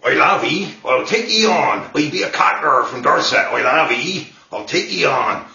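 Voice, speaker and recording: A man putting on a slow, drawling West Country accent as a rural scrap-metal dealer, recorded in a roomy, dull lo-fi room. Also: on the high side, expressive, vocal fry, sharp tone, heavily acted. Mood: gruff. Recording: roomy, dull lo-fi 2008 video.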